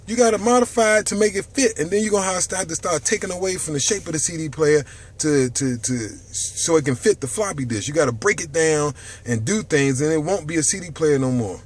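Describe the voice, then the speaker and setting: A man's voice: on the high side, fairly quick. Fiery, profane man preaching about health. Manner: profane, preachy, swings from loud outbursts to hushed near-whispers. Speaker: health vlogger. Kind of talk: impassioned health monologue to camera. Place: indoors in a dark room.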